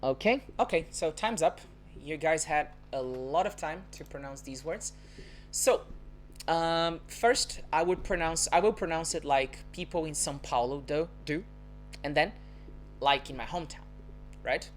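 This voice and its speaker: Soft music plays behind a woman with a Brazilian Portuguese accent teaching a live-streamed language class over a phone or webcam. Speaking low and unhurried, she patiently explains and repeats sample words.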